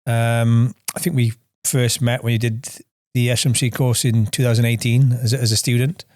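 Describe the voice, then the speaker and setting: A man hosting a podcast, asking long, halting questions with many restarts. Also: mid-range voice, flat delivery, darkish tone, no room sound, studio quality. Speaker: podcast host. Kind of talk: conversational interview questions.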